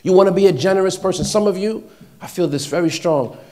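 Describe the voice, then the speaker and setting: A man with a fairly high voice delivering a sermon before a congregation. He preaches with emphasis, repeating key phrases and moving between hushed, personal lines and loud, ringing declarations. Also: fast.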